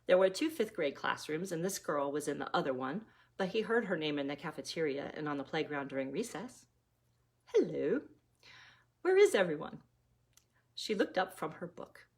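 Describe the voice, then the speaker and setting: A woman reading her own novella aloud, gently, like a mother reading a story to her children. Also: low-pitched, animated, brisk.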